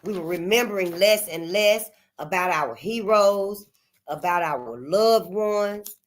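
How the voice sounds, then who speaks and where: A woman in the middle of her own pitch range delivers a passionate spoken commentary. She is colloquial and blunt, cusses freely, and lurches from loud, emphatic bursts into low, muttered asides. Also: expressive, takes it slowly. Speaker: channel host.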